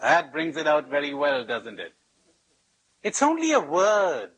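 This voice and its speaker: A man's voice: a little high, wildly swooping pitch, a little slow, fairly bright tone, poor audio. A man as a spiritual teacher giving a workshop talk. He tells anecdotes with humor and repeats phrases for emphasis. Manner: storytelling with rhetorical repetition and humor.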